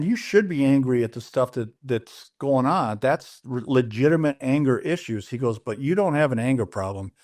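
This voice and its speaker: A man's voice: mid-range voice, darkish tone. Earnest middle-aged man sharing his story. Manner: earnest, plain-spoken, retelling dialogue. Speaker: interview guest. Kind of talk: personal story in an interview.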